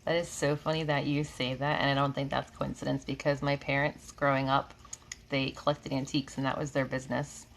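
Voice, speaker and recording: A woman's voice: extremely low pitch, level tone, brisk, slight background noise. A woman in her thirties from New York with a slight Southern drawl, chatting casually on a live stream and laughing often as she reads and answers comments. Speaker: reiki healer hosting a live stream. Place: home room with air conditioning.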